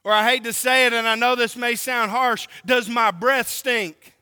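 Preacher, male, from Oklahoma; very high, bright delivery in a reverberant hall. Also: fairly even intonation, smooth. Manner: emphatic, drawn-out preaching with rhetorical questions. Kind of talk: sermon.

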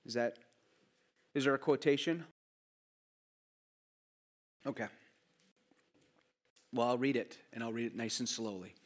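A male pastor delivers a Sunday sermon to his congregation in a church. His voice sits a little high for a man. He slows right down on key lines and leans into each pause for weight. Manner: slow, deliberate reading with emphatic pauses. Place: church sanctuary.

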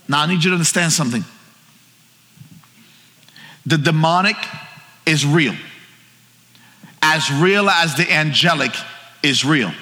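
A man preaching a sermon to his church, swinging from shouted lines to hushed ones. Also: a little high, long reverb tail. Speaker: pastor. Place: church hall with congregation.

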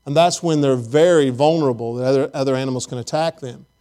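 A man preaching a sermon in a relaxed, conversational way, joking and talking directly to his congregation. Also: medium pitch, fast. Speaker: pastor. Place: church service.

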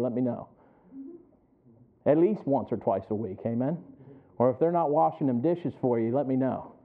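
Chuckling man preaching over thin audio. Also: medium pitch. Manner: conversational, chuckling, asks the congregation for responses. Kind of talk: sermon. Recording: tinny phone-like sound.

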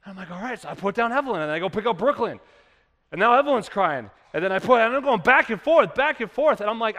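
A man in his thirties preaches a sermon in a high, light voice. He talks to the room conversationally and then builds to emphatic peaks. His voice rings out in a church hall with a long reverb. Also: sing-song, fast talker, pushed and bright. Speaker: pastor.

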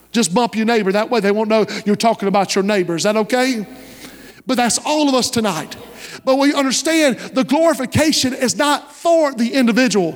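A man preaching a sermon as pastor, impassioned and rising to shouts, asking the congregation call-and-response questions. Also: very high-pitched. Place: church sanctuary. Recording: long church-hall reverb.

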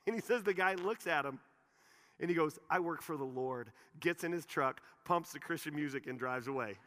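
Pastor guy telling a story in a sermon, bright crisp voice, big echoey hall. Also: a little high, a little fast. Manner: animated, repetitive retelling.

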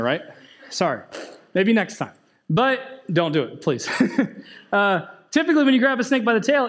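A man preaching a sermon in a conversational way, asking the congregation questions and joking with them. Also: high-pitched. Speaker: pastor.

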